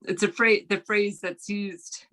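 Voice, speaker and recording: A woman's voice: medium pitch, fairly even intonation, unhurried, sharp tone, rough recording. A woman in her fifties with an American accent and an Irish lilt, chatting as an author guest over a video call. She laughs often and restarts her sentences. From Philadelphia, USA. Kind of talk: casual interview chat. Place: at home on the Irish coast.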